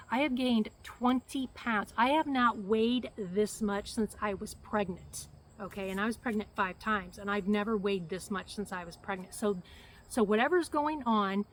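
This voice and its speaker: A woman's voice: mid-range voice, fairly bright tone, poor audio. Middle-aged woman, casual rambling vlogger, flustered, slight cough, faint background hiss. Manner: rambling, flustered, many fillers. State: hacky cough, short of breath. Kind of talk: casual health update vlog.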